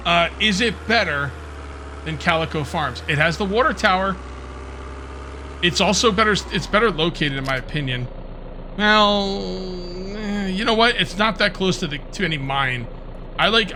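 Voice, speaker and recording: Chatty New Jersey man, slightly high voice. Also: background noise. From Central New Jersey. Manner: chatty, thinks aloud, frequent restarts and fillers. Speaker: gaming channel host. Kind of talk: casual let's-play commentary.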